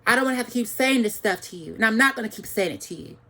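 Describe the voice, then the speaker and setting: A woman's voice: on the high side, animated, very fast, bright, forceful tone. A woman giving an angry, profane ranting monologue to the camera, repeating phrases for emphasis.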